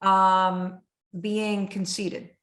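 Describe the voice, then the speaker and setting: Animated woman host, roomy echo. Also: drawn-out words. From United States. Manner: animated, acts out her own inner voice in high tones. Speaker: podcast host. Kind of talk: casual chat.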